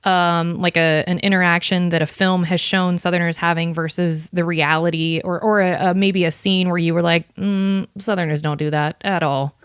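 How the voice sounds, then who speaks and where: A woman with a low, smooth and clear voice hosts a casual interview, asking short prompting questions. The sound is dry and close to the mic. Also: fairly even intonation, normal speed, few pauses, dry recording. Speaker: podcast host.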